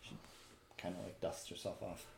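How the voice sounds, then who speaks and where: A man's voice: sits low, moderate pace, vocal fry, a little mellow, roomy sound, a little hiss or hum. A man running a tabletop game as game master, narrating loosely with casual fillers.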